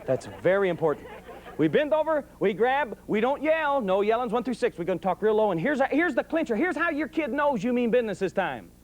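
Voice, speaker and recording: There's slight background noise as a middle-aged man with a very high-pitched, very animated voice speaks fairly quickly. A police sergeant, he gives a live audience a folksy, humorous talk on raising children, acting out voices in his stories.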